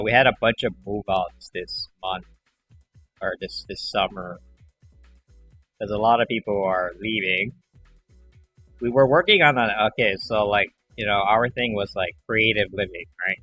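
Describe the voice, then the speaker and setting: Talking to his stream audience, a young man with a lowish, bright, forceful voice rambles casually as host of the livestream. Every so often he acts out callers, quoting them in their own voices.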